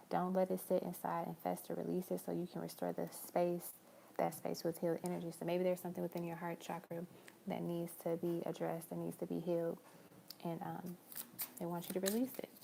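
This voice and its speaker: A young woman reads tarot on a live stream in a low, gravelly voice with a mellow, dark tone. She talks casually and warmly, calling the viewer "girl" and "love," while a faint hum sounds in the background.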